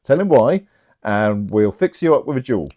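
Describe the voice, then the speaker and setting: A man voicing a rowdy, excitable middle-aged knight who eggs others on. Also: medium pitch, normal speed, close to an everyday voice. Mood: egging on. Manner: loud, egging on.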